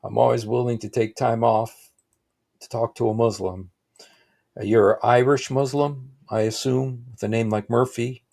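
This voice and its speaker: A man's voice: medium pitch, steady tone, normal speed, creaky, a little mellow. A man hosting a livestream, giving rambling, casual reaction commentary with frequent exclaimed asides. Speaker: livestream host.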